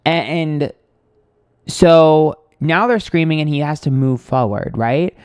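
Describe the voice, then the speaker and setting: A man hosting a tarot livestream who tells a story in a casual, rambling, profane way. He is exasperated and dramatic, swinging between quiet asides and loud outbursts. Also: fairly high pitch, takes it slowly, smooth, no echo, studio quality.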